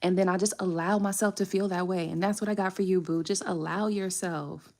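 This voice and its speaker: A young woman chats casually on a live tarot stream. She sounds candid and slangy and swears freely. Her voice sits fairly low for a woman. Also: fairly even intonation, fairly quick, darkish tone. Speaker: tarot reader.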